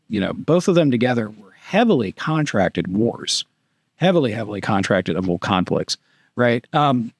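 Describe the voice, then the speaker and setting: A middle-aged man telling a story as a podcast guest, rambling and animated with many fillers and restarts. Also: mid-range voice, no echo, clean studio sound. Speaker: podcast guest, retired army captain. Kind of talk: casual storytelling in conversation.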